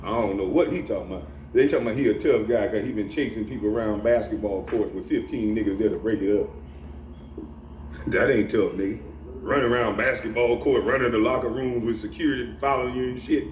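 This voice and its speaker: A middle-aged vlogger with a lowish voice talks fairly quickly, hurling profane taunts at the camera and laughing at his own jabs in a confrontational rant. The recording is off-mic in an echoey room, carrying faint ambience and a little hiss or hum.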